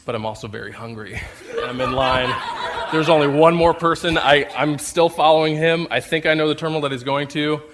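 A man's voice: fairly high pitch, a little fast, a bit bright, a little hiss or hum. A man telling a personal faith story, acting out scenes and laughing at himself as he goes. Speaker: speaker sharing a faith testimony.

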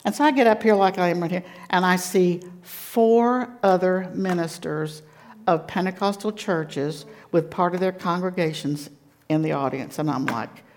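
Laughing, animated woman preaching testimony. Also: fairly low pitch. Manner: animated storytelling with frequent laughter. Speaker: guest speaker at a church conference. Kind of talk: personal testimony sermon.

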